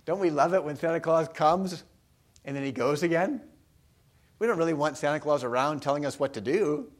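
A man's voice: a little high, fairly quick. A man preaching a sermon, talking casually with the congregation and asking them questions. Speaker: pastor.

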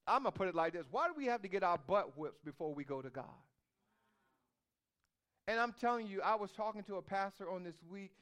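A man's voice: sits high, a bit bright, clear, resonant tone. A man preaching a sermon, reading scripture and repeating phrases as his intensity rises. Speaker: pastor.

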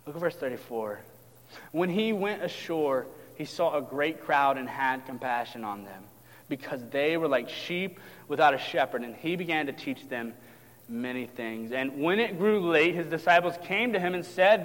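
A man preaching a sermon in a casual, animated way, acting out the voices of the people in the story. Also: mid-range voice, normal speed. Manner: animated, acts out voices of disciples and crowds, casual asides. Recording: long hall reverb.

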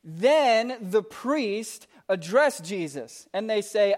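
A man's voice: high-pitched, a little slow, hardly any pauses. A man preaching a sermon, reading scripture aloud and then explaining it in a conversational, emphatic way with asides to the congregation. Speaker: pastor.

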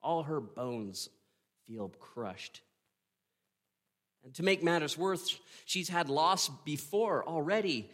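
A man preaching a sermon, retelling a story with earnest drama, pausing and asking "right?". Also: fairly high pitch, expressive, fairly bright tone. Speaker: pastor.

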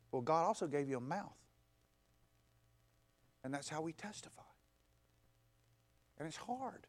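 A pastor preaching a conversational sermon, stacking emphatic, repeated phrases and acting out what people say. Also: male voice, a little high, moderate pace, long pauses. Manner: repetitive, emphatic build-ups.

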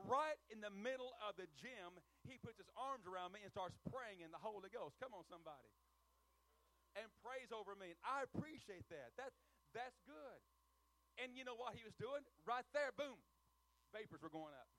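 A middle-aged preacher with a Southern American accent and a high voice delivers a sermon in church. He tells homespun stories in a hushed tone, then builds to loud calls for his congregation to shout and praise. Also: low-quality recording. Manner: rousing call-and-response, swings from hushed to shouting.

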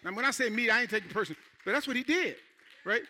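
A man preaching a sermon in church as pastor, animated and conversational, checking in with the congregation and dropping to a hush for asides. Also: very high voice, fast talker.

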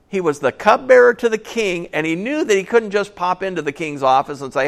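Folksy, animated male preacher. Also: sits high, brisk, gravelly, hardly any pauses. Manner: animated storyteller, folksy asides. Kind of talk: conversational sermon.

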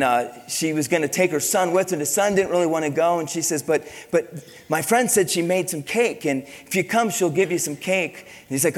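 A middle-aged man preaching a sermon as pastor, telling stories in an animated way with many restarts and repeated words. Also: a little high. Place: church sanctuary. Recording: long reverb of a church hall.

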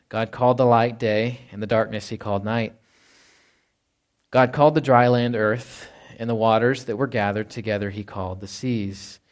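A man, a pastor, preaching a conversational sermon, reading scripture aloud and asking rhetorical questions. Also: mid-range voice.

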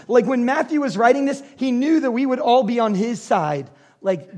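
Man, pastor, high voice, animated sermon storytelling, laughs often. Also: normal speed.

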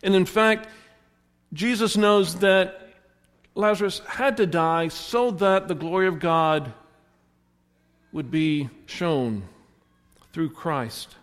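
A pastor preaches a sermon, retelling a story and acting out the characters' lines in quotes. His voice sits high with a fairly bright tone, and he speaks slowly with frequent pauses. A long hall reverb surrounds the recording.

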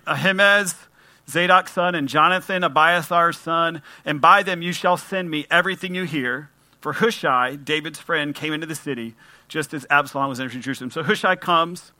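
Guy preaching a sermon, super bright voice, dry close sound, chatty then reads verses with punch. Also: fairly high pitch, dry recording. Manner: conversational preaching, reads scripture aloud with emphasis. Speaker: pastor.

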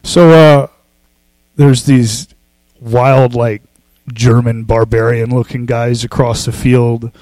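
A man preaching a casual sermon, talking loosely with fillers and restarts, and reading scripture slowly and with emphasis. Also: medium pitch, no room sound, poor audio. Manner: relaxed, conversational, with fillers and restarts. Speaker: pastor.

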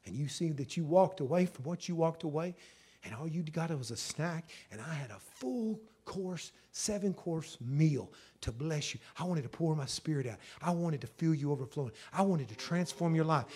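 A middle-aged man, preaching a sermon in an emotional storytelling way that swells loud at the peaks. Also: on the high side, expressive, normal speed, slightly rough. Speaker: pastor.

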